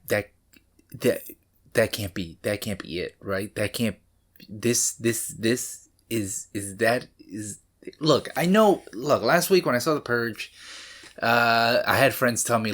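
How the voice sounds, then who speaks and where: A man's voice: lowish voice, moderate pace, a bit bright. A man hosting a movie reaction, rambling and joking as he talks back to the screen. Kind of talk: casual reaction commentary.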